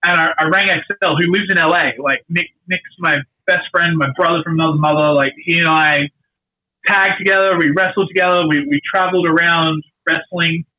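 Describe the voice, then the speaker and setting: A man's voice: on the high side, fairly even intonation, a little fast. A middle-aged man, a wrestler, telling earnest, rambling stories in a casual podcast interview. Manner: rambling, earnest storytelling with many fillers. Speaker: guest wrestler. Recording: dull lo-fi sound.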